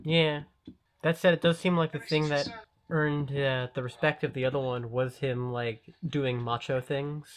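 Low-voiced deadpan woman. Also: a little slow. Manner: dry, deadpan dark jokes. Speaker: guest, friend. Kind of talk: casual movie watch-along chat. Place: at home, movie playing. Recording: background noise under the talk.

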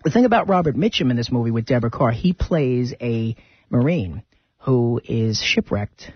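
A man's voice: medium pitch, expressive, moderate pace, slightly rough, no room sound, lo-fi sound. A man hosting a radio show, chatting casually and rambling through film stories.

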